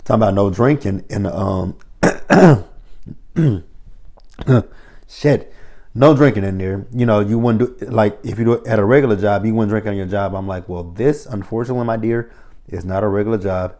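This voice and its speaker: A man's voice: lowish voice, normal speed. A man recapping a reality TV episode in a casual monologue, blunt and profane. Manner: blunt, profane, animated storytelling.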